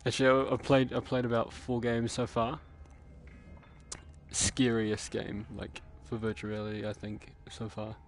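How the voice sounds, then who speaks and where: A young man streaming a horror game live, cursing constantly and yelling when something startles him. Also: on the low side, monotone, moderate pace, slight background noise. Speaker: gamer streamer. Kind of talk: live gameplay commentary.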